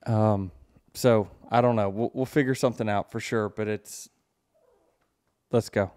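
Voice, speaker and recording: A man's voice: lowish voice, fairly even intonation, measured pace, darkish tone. A man hosting a podcast, talking in a blunt, wry, casual way in a studio. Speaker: podcast host.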